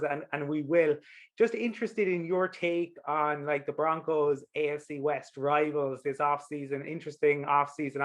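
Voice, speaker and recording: A man with an Irish accent co-hosting a sports podcast, asking a long question in a measured way. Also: on the high side. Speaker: podcast co-host. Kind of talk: interview question.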